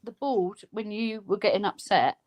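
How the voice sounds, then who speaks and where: A woman's voice: medium pitch, normal speed, darkish tone. A woman chatting casually on a live stream in blunt, earthy speech. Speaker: co-host and urban explorer.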